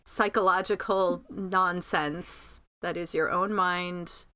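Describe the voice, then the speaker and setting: A woman's voice: lowish voice, a little slow, no room sound. Scratchy-voiced woman guest, dry mic. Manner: animated, laughs often, rambling. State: scratchy voice after illness. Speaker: podcast guest. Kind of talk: casual chat.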